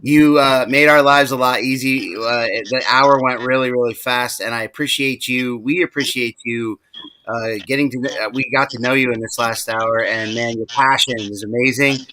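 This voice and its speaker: A man's voice: medium pitch, fairly even intonation, moderate pace, pushed and bright, slight background noise, rough recording. A man hosting a live wrestling talk show, with an easygoing manner as he thanks his guest. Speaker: podcast host. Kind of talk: casual interview chat.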